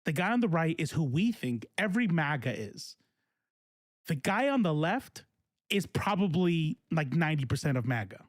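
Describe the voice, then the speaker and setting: A man's voice: a little high, big pitch swings, normal speed, dry recording, studio quality. A man hosting casual political commentary, talking in a rambling, profane way with many fillers and restarts. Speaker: host.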